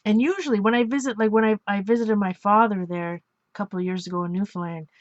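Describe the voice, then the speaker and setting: A woman's voice: mid-range voice, steady tone, quick pace, no echo, dull audio. Rambling chatty Canadian woman crafting. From Ontario, Canada. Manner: rambling, chatty, laughs often, self-correcting. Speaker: art journaling vlogger. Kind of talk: casual chat while crafting.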